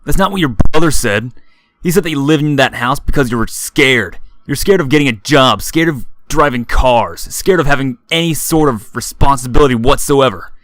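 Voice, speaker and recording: A man's voice: mid-range voice, moderate pace, a bit bright, dry recording, voice pushed up, natural voice. A man voicing a crude, mocking young frat boy who taunts and bullies. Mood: taunting. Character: sneering young male frat boy bully.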